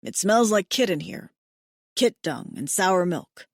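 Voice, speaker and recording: A woman voicing a big, gruff alien barbarian man who speaks in blunt, terse phrases in an audiobook. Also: lowish voice, lively intonation, measured pace, dry recording, studio quality. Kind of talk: audiobook character voice.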